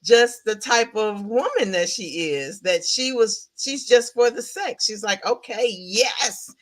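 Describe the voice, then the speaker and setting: A woman's voice: mid-range voice, unhurried. Chatty woman recapping a film. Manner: chatty, animated retelling with laughs and questions to chat. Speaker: podcast host reviewing a film. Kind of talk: casual livestream film recap.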